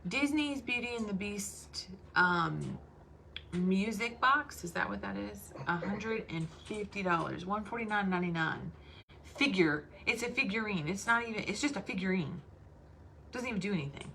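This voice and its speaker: Southern lady talking to her sales team on a livestream, bright voice, bit of hiss behind. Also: mid-range voice, expressive, normal speed, gravelly. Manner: chatty, addresses listeners as y'all.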